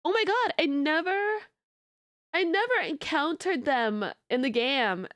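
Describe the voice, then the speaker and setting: A woman VTuber chatting casually to her stream, with a low, deep voice for a woman, giggling often and rambling through repeated restarts. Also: expressive, a little slow, fairly bright tone, no room sound. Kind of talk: casual livestream chat.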